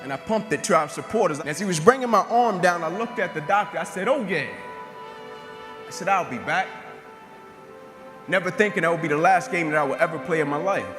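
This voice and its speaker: A man's voice: high voice, fairly quick, long pauses, big-room sound. A man giving a motivational speech, telling his own story in an emphatic, repetitive way and acting out the dialogue. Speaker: motivational speaker. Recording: music bed under the voice.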